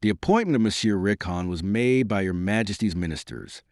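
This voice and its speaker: A man voicing a vain, excitable duke who protests in a flustered way in an audiobook reading. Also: on the low side, a little fast, no room sound, clean studio sound, lightly acted. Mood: protesting.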